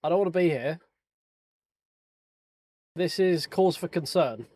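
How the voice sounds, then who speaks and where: A man's voice: on the high side, unhurried, darkish tone, dry recording, clean studio sound. A man streaming sim racing, chatting casually with viewers over race replays in a joking, sweary way. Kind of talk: casual live-stream chat while reviewing race replays.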